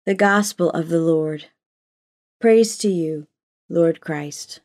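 A woman, a preacher from the United States, reading scripture and giving a measured, reflective sermon. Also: on the low side, darkish tone.

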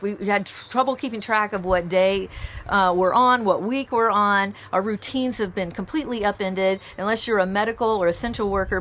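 A woman pastor giving a conversational sermon, telling stories in an animated way to a remote congregation. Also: mid-range voice, slight background noise. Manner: warm conversational preaching, animated storytelling. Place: church, recorded outside usual sanctuary.

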